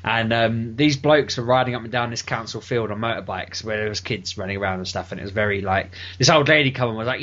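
A man co-hosting a podcast, telling stories in a casual, animated way and swearing freely. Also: medium pitch, fairly quick, hardly any pauses. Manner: animated, swearing, laughing through his stories. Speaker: podcast co-host. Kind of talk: casual storytelling chat. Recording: dull lo-fi podcast recording.

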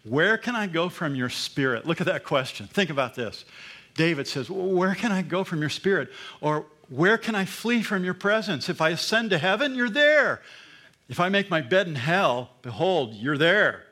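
A man's voice: high voice, expressive, normal speed, pushed and bright. A middle-aged man, a pastor, preaching a sermon in an earnest, emphatic way that often rises into bursts.

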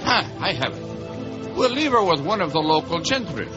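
A man playing a brisk, decisive military officer, commanding in tone. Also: fairly high pitch, very animated. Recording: dull lo-fi audio with music.

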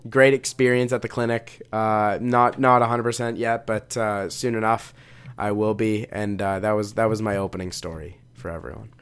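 A man's voice: lowish voice, level tone, normal speed, fairly bright tone, smooth. A man co-hosting a podcast, chatting casually and telling rambling stories full of fillers, with a lingering cough. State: has a cough from a chest infection. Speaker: podcast co-host. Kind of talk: casual chat.

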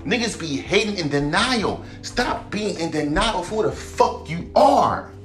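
Male podcast host with a heated, profane, repetitive rant; lively delivery, roomy echo. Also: high voice, unhurried, faint music behind. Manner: heated and profane, repeats himself. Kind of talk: ranting monologue.

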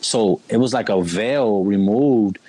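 Slow and mellow, with a voice on the low side, a young man gives a casual spoken account of his life. He leans on street slang, saying "bro" and "you know what I mean" again and again; the recording is low quality with no room sound.

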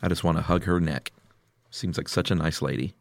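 A man's voice: low-pitched, fairly even intonation, fairly quick, gravelly, no room sound. A middle-aged man hosting a podcast in casual chat, reading listener picks aloud and laughing often. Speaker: podcast host.

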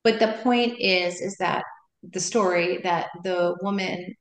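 Middle-aged woman, lowish voice, rambly chatty guest talk, lots of restarts, roomy echo. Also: fairly even intonation, takes it slowly. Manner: loose, trailing sentences with many restarts. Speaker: meditation and yoga teacher, guest. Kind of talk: casual interview chat.

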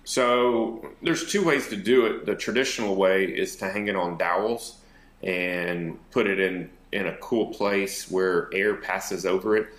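A man's voice: deep voice, unhurried, roomy sound. A man from North Texas co-hosting a podcast, chatting casually and rambling with fillers over a remote call. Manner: relaxed, rambling, hesitant with fillers. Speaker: podcast co-host. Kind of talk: casual chat.

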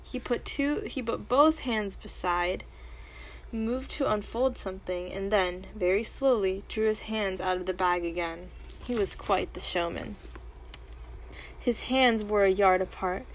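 A woman reading a storybook aloud with expressive, animated narration. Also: medium pitch, measured pace, slight background noise, rough recording.

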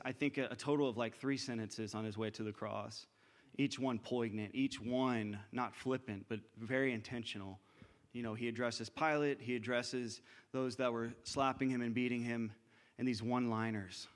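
A young man preaching a sermon as pastor, earnest and conversational, often restarting his sentences. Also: mid-range voice.

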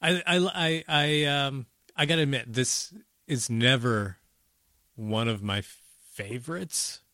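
A man's voice: medium pitch, slow, sharp tone, dry recording. Playful podcast host man, dry close mic. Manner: playful, laughs often, jokey. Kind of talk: casual music chat.

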